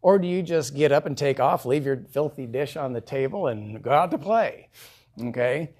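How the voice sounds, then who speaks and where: A man's voice: mid-range voice, lively intonation, normal speed, a little mellow, breathy edge. A male pastor preaching a sermon in a conversational way, asking his congregation questions.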